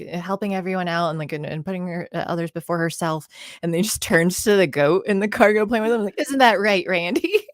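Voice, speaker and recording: A woman's voice: mid-range voice, dry recording, studio quality. A woman co-hosting a casual movie chat on a live stream, giggly and chatty, acting out quoted lines. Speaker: podcast co-host.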